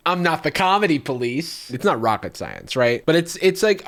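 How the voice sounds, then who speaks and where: Man, reaction host, wry, lively pitch, mocking asides. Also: a little fast, few pauses. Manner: wry, animated, mocking quotes. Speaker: YouTube host. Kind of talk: casual reaction commentary.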